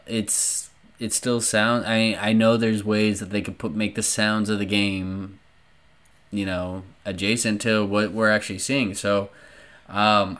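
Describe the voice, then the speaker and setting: A man talking as a podcast guest, rambling and animated, swearing freely. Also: on the low side, clear, resonant tone. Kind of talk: casual chat.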